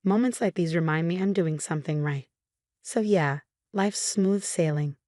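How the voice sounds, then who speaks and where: A woman narrating a first-person drama story, reading every voice in one steady tone. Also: on the low side, moderate pace, dry recording, clean studio sound.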